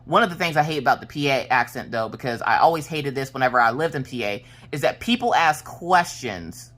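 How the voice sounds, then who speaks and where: A woman's voice: rumbling low, animated, fairly quick, few pauses, a bit bright. A woman in her late thirties from South Carolina, with a mixed Pennsylvania and Southern accent, telling a jokey story in a casual craft-along chat. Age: late 30s. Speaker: crafting vlogger.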